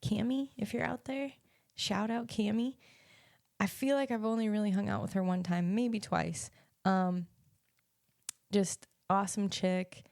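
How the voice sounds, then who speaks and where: A woman's voice: mid-range voice, fairly even intonation, measured pace, vocal fry, pauses often, a little mellow, no echo, clean studio sound. A young adult woman hosting her own podcast alone, chatting casually and rambling with many ums and restarts. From United States. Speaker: podcast host and life coach. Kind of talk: casual solo podcast chat.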